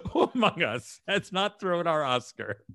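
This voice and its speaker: A man's voice: on the high side, very animated, measured pace, pushed and bright, dry recording, studio quality. A man co-hosting a casual chat show, telling a story and laughing often. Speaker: podcast co-host.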